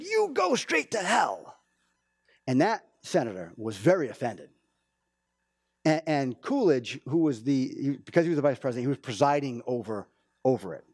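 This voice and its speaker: A pastor preaching a casual, storytelling sermon, with many restarts and asides. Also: male voice, on the high side, darkish tone, no echo, clean studio sound. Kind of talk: conversational sermon. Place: church.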